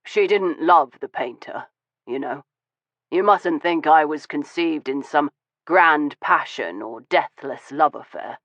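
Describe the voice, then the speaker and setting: Weary bitter victorian gentleman read by a man, fairly high for a man, dull dry audiobook sound. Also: takes it slowly, dry recording. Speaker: audiobook voice of a male character. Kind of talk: audiobook dialogue reading.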